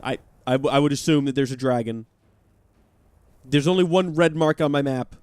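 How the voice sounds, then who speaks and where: A man's voice: medium pitch, steady tone, moderate pace, a little mellow, clear, resonant tone, no echo. A man chatting and joking while playing a game live, talking to his viewers. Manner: chatty, joking, reads chat aloud. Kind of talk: live let's-play commentary.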